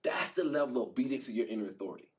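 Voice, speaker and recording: A man on a podcast as a guest, telling a story in an animated, colloquial way and laughing often. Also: medium pitch, rapid-fire, recorded from a distance.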